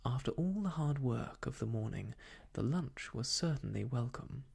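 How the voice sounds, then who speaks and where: A storyteller reading an old children's book aloud softly as a whispered role-play for sleep. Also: medium pitch, animated, creaky, breathy edge. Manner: soft, slow bedtime reading.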